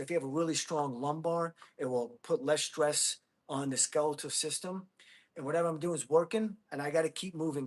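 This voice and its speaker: Rambling man in his fifties on a livestream. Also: on the high side. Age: 50s. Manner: rambling, friendly, talks straight to viewers with "buddy" and "bro". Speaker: livestream host. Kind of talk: casual livestream chat with viewers.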